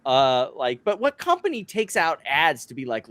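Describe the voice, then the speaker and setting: A man's voice: on the high side, very animated, moderate pace, a bit bright. A man co-hosting a casual commentary show, sarcastic and exasperated, on a close mic. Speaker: co-host.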